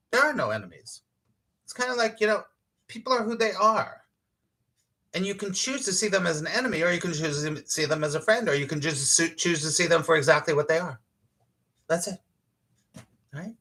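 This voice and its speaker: A man hosting a casual spiritual talk, reading comments from his audience, emphatic and quick to laugh, sometimes swearing. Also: high-pitched. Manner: animated and emphatic, laughs easily, acts out inner voices. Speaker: spiritual teacher hosting a live morning show.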